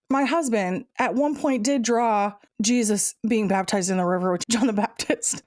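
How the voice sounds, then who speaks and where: A woman's voice: on the high side, moderate pace, few pauses. A woman co-hosting a podcast, laughing often and telling a story in casual chat. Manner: giggly, animated storyteller. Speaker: podcast co-host.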